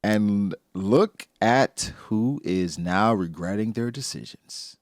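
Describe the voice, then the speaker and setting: A man's voice: slow, dry recording, studio quality. A man co-hosting a casual chat that breaks down a comic chapter, acting out characters' lines. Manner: animated, acts out characters' lines with big pitch jumps. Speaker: podcast co-host.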